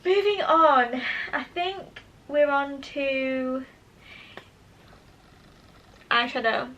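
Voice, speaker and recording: A woman's voice: high voice, expressive, very slow, a bit bright, highs cut off. A young woman chatting to camera while testing make-up, enthusiastic and self-deprecating. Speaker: beauty vlogger. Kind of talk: casual make-up tutorial chat. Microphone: camera mic, talking to camera.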